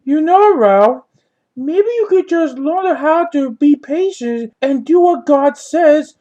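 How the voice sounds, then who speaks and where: A man voicing a cheerful, patient male apple who gently coaxes his friend in a homemade puppet story. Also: very high voice, animated, slow pace, dull audio, exaggerated voice. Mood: coaxing. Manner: gentle, coaxing, asks questions.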